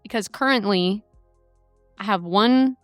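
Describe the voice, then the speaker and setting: A woman's voice: mid-range voice, measured pace, fairly bright tone, dry recording, soft background music. A woman co-hosting a faith podcast in casual chat, talking with many fillers. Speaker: podcast co-host.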